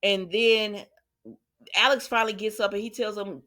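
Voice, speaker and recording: A woman's voice: medium pitch, normal speed, a bit bright. A woman hosting a casual soap opera recap, chatting to her viewers and retelling each scene through quoted lines.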